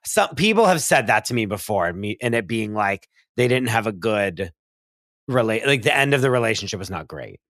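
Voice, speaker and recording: A man's voice: fairly low pitch, sing-song, brisk, fairly bright tone, dry recording, studio quality. A man co-hosting a comedy podcast in casual chat. He rambles, leans on "like" and laughs often. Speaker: podcast co-host.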